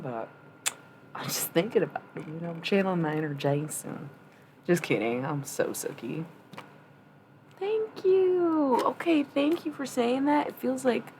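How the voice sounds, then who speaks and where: Woman streamer, low voice, casual tough-love chat, blunt and profane, faint background hum. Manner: chatty, laughs often. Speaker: livestreamer.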